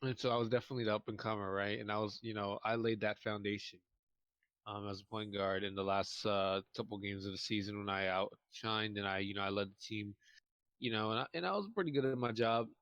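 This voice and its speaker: A man's voice: fairly low pitch, fairly even intonation, a little fast, a bit bright, dry recording, lo-fi sound. A young man co-hosting a podcast, telling a long story in casual chat, rambling with lots of fillers and restarts while eating. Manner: eats while talking. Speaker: podcast co-host.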